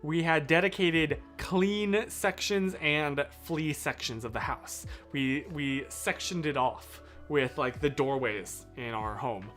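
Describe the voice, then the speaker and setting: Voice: mid-range voice, slow, few pauses, fairly bright tone, soft background music. A live streamer telling a story in casual, rambling chat, often stopping to correct themself and talk to viewers.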